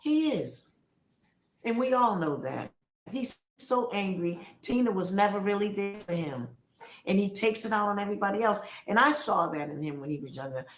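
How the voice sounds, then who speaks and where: A woman's voice: mid-range voice, lively intonation, normal speed. A middle-aged woman on a livestream, emotional and accusatory, repeating her points as she rants. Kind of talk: heated livestream rant. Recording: roomy echo.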